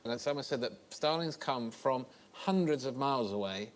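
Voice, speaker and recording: A man's voice: mid-range voice, lively intonation, normal speed. A man, a panelist telling anecdotes in a chatty way. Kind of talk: panel show banter.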